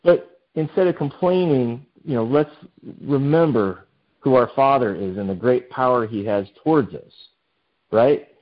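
A man's voice: medium pitch, unhurried. A man giving an informal sermon, reading scripture aloud and then explaining it in a conversational way with many fillers. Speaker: pastor. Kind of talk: informal Bible study sermon. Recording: dull lo-fi sound.

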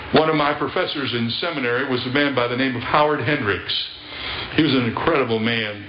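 A male preacher urges his listeners onward in a sermon. His voice echoes around the room. The recording is dull and carries clear background noise. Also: medium pitch. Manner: urging, exhortative.

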